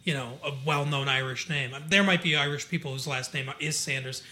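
Bright-voiced man chatting casually. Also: mid-range voice, steady tone, a little fast. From Michigan. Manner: rambling, frequent fillers and asides. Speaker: podcast co-host. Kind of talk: casual chat recapping a TV episode.

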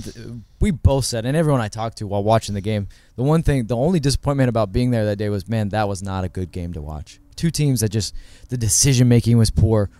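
A man co-hosting a casual sports podcast, giving quick, earnest match analysis. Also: medium pitch, mellow, dry recording. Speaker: podcast co-host, works in club's digital department.

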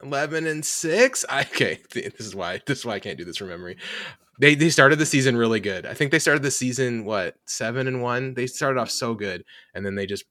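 A man's voice: mid-range voice, expressive, a little fast, bright, forceful tone, no room sound. A man hosting a casual sports podcast, who laughs often as he runs the segments and keeps the chat moving. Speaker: podcast host.

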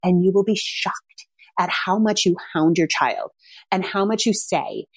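A middle-aged parenting coach talks casually in a monologue, telling chatty stories packed with "like." Her husky voice is fairly low with lively intonation and a measured pace, recorded dry in clean studio sound.

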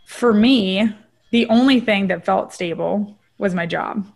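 A woman's voice: medium pitch, a little slow, vocal fry, faint music behind. Candid middle-aged woman telling her story. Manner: earnest and candid, often adds "right?". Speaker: guest, trauma researcher and professor. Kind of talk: personal storytelling in an interview.

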